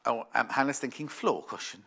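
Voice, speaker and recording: A man's voice: medium pitch, a little fast, gravelly, fairly bright tone, husky. A man presenting fabrics on a live shopping channel, chatting and musing aloud as he reads out viewer messages. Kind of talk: live sales demonstration.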